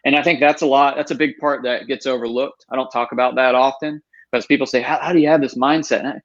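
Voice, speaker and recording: A man in his thirties, a podcast guest telling his own story in an earnest, animated way. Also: mid-range voice, fast talker, dull audio. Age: 30s.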